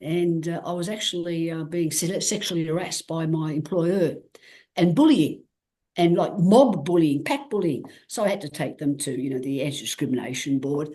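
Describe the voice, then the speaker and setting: Sitting low in pitch and moving at normal speed, an Australian woman tells her story as an interview guest athlete. She's candid and animated, dramatizing quoted dialogue and frequently starting over.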